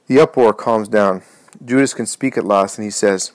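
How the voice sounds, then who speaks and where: A man narrating a religious book in a measured, solemn reading. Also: fairly low pitch, no echo. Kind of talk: dramatized reading of a religious text.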